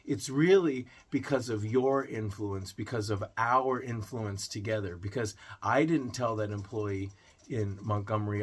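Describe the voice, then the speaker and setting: Man hosting a pet vlog, low voice, slow unhurried pace, earnest, casual to camera. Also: breathy edge. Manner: earnest and heartfelt, with small restarts. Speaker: pet video host.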